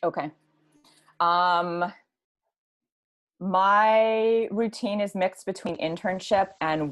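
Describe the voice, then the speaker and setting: A woman's voice: low voice, no room sound. A young woman from Hawaii, a podcast guest talking openly and reflectively in long, flowing sentences about her daily life. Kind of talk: casual interview conversation.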